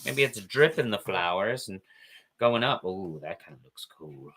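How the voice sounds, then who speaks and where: A man's voice: lowish voice, animated, moderate pace, fairly bright tone. A man hosting an art show, chatting casually and rambling to himself as he colors, swearing now and then. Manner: rambling self-commentary with swearing. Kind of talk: casual chat while coloring.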